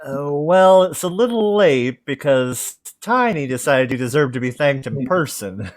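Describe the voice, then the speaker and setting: An actor playing a humble, grateful clerk in a comic holiday play, hesitant and stammering. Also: male voice, on the high side, animated, measured pace.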